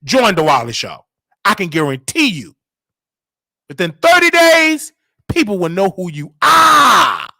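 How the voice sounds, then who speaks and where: A man hosting a casual live show, talking in an animated, sing-song way that swings from loud outbursts to hushed asides, with a Southern US accent. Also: high-pitched, a little slow, dry recording. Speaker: host. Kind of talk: casual livestream talk.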